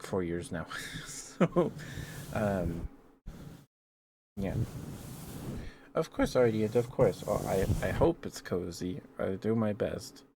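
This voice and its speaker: A young man, an ASMR streamer, rambling softly to his chat with frequent ums and small kisses. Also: low-pitched, a little hiss or hum. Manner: rambling, greets chat viewers with kisses, hesitant fillers.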